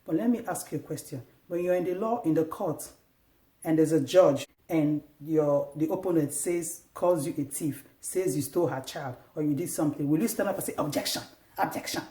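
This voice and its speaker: A woman's voice: low voice, normal speed. A woman giving earnest, faith-based marriage advice to wives, exhorting them and acting out little home scenes. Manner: earnest and exhortative, acts out scenes with sharp raised outbursts. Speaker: Christian marriage advice vlogger. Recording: echoey room.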